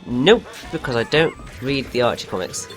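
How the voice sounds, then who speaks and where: Giggly, rambling game co-host. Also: male voice, medium pitch, expressive, normal speed, fairly bright tone. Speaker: let's play co-host. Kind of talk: casual gameplay commentary. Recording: faint game music behind.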